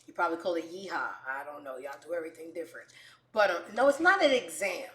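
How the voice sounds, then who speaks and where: A woman hosting a show, telling stories in a brash, profane way, swinging from quiet asides to loud outbursts. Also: sits low, lively intonation, fast, reverberant. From New York. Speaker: show host. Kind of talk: casual comedic storytelling.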